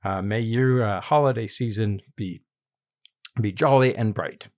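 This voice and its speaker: Low-voiced man hosting a casual podcast. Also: a little slow, dry recording, studio quality. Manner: relaxed, chuckling, reads tasting notes. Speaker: podcast host. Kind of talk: casual chat.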